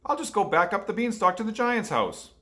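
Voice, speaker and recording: A man's voice: high-pitched, sing-song, fairly quick, sharp tone, pitched above the performer's own voice, exaggerated voice. A man voicing Jack, a plucky, hungry young boy who speaks eagerly and calls out. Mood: reassuring. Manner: eager, calling out.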